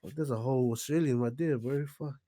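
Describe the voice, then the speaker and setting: A man's voice: medium pitch, quick pace, mellow. A young man with a New Zealand accent chatting as a podcast guest, laughing, swearing and playful. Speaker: guest musician. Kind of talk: casual podcast chat.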